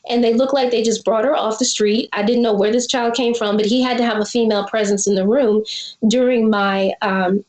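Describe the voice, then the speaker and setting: A woman in her forties shares a personal story as an interview guest, earnest and reflective. Her voice sits a little high for a woman. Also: fairly even intonation, a little fast, darkish tone, reverberant, rough recording. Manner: earnest, reflective, acts out quoted dialogue. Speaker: guest filmmaker.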